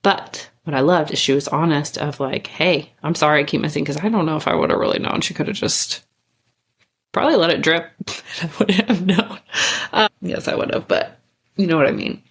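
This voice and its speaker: A woman's voice: sits low, lively intonation, normal speed, breathy edge. A woman podcast host telling a story in a candid, chatty way, with casual swearing and bursts of speed.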